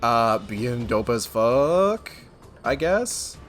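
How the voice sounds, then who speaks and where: A man giving casual, excitable, joking commentary while he plays a game. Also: mid-range voice, slow, soft background music. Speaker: streamer. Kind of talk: casual let's-play commentary.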